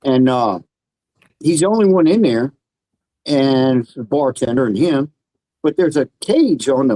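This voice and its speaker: Animated dark-voiced joke teller. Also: mid-range voice, unhurried, long pauses, no room sound, rough recording. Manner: animated joke teller who acts out the characters' lines. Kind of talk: casual joke telling.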